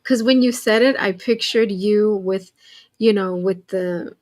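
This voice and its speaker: A woman co-hosting a podcast in relaxed casual chat, easygoing and quick to laugh. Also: medium pitch. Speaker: podcast co-host.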